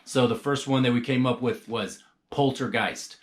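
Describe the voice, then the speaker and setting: A man teaching a casual rhyming tutorial, thinking aloud and slowly trying out rhymes. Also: medium pitch. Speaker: rhyme coach.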